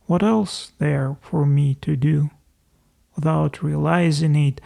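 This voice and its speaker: A man reading a novel aloud as an audiobook narrator, in slow, deliberate storytelling. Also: a little high, flat delivery, gravelly, mellow.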